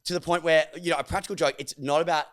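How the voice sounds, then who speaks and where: A man in his thirties with an Australian accent, co-hosting a podcast in a casual, animated chat full of swearing and squealed impressions. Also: on the high side, rapid-fire, smooth. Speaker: podcast co-host.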